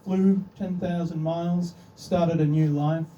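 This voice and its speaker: A man's voice: a little high, fairly even intonation, unhurried, dark tone, muffled recording. An Australian man with an Australian accent performing a stand-up comedy set in a dry, self-deprecating way. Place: comedy club stage. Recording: distant club recording with room noise.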